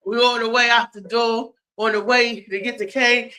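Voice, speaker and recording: A woman hosts a casual live-stream chat from home, talking in an animated way and breaking into loud exclamations. Her voice is bright and a little high, and she talks with a lot of energy. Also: moderate pace, hardly any pauses. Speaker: host.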